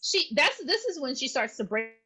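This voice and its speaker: A woman's voice: sits high, normal speed, husky. A woman co-hosting a podcast, chatting casually as she recaps a horror film and acts out scenes. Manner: animated, acts out scenes with voices and laughs. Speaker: podcast co-host.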